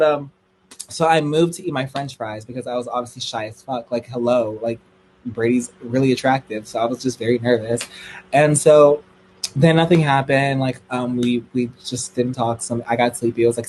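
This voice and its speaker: In a casual livestream chat, a young man recounts a gossipy, dramatic story at a moderate pace, his pitch spiking to squealing highs in excited moments. A slight hiss or hum can be heard.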